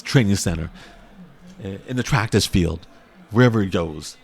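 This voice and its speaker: A man giving casual, excitable sports commentary in a vlog, rambling and repeating his words as he gets worked up. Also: fairly low pitch, moderate pace, creaky, pauses often.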